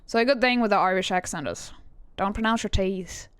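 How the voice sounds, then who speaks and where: A woman's voice: medium pitch, fairly quick, clear, resonant tone, no echo, studio quality. A woman streamer chatting casually and rambling as she reacts to her chat during a live stream, speaking into a streaming mic.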